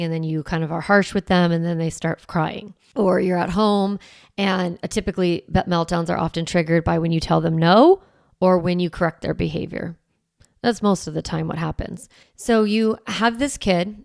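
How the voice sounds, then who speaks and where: A woman's voice: lowish voice, gravelly, a little mellow, clean tone, no echo, clean studio sound. A woman podcast host coaching parents in a direct, practical way, sometimes acting out the firm lines a parent might say. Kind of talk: podcast advice talk.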